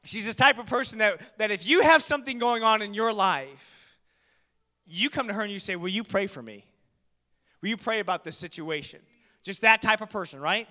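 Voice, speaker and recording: A male pastor preaching a sermon in a church, telling stories with jokes and building to loud, shouted preaching. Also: sits high, expressive, moderate pace, big-room sound. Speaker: guest pastor.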